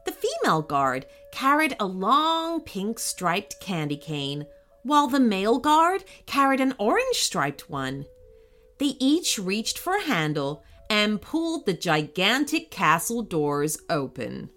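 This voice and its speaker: A woman narrating a children's story in a slow, expressive way. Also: medium pitch.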